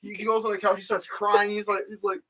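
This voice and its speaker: A young man with a high, bright voice rambles through a story, packing every sentence with "like" and "you know". He sits a little back from the mic, so his voice sounds slightly distant. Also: flat delivery, fast talker. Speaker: YouTube host. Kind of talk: casual chat, retelling a video. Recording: voice a bit off the mic.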